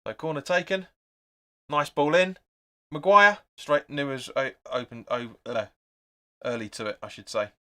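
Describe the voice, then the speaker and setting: With a mid-range voice at normal speed, a young man runs a live football watch-along. He's chatty and casual, calling the action, reading viewers' comments aloud and getting excitable whenever there's a chance.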